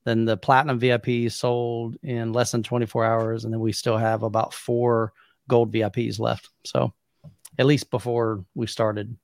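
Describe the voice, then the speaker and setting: A man's voice: medium pitch, flat delivery, normal speed, dry recording, studio quality. A man co-hosting a podcast in casual chat, easygoing and often tacking on "man". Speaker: podcast co-host.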